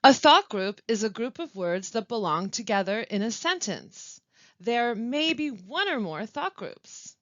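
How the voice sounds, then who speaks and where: A woman who works as a language support specialist, presenting a pronunciation webinar with clear, deliberate teaching and careful pauses. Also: a little high, big pitch swings, a bit bright, no echo. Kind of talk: instructional webinar narration. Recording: dull, lo-fi dry voice-over.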